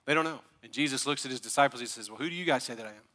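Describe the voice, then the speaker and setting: A man preaching a sermon as pastor, animated and building to fired-up preaching with asides to the congregation. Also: medium pitch, rapid-fire, big-room sound. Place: church sanctuary.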